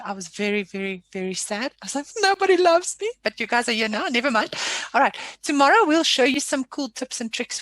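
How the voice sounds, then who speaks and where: Her voice sits a little high and the recording has no echo. This woman trainer walks through software on a casual screen share, chatting, poking fun at herself, and apologizing frequently.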